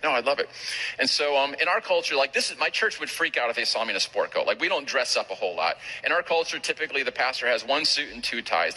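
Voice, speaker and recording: A man pastor telling a personal story in a sermon, animated, with quick asides to the crowd. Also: medium pitch, poor audio. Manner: animated, rapid anecdotal preaching with asides to the crowd.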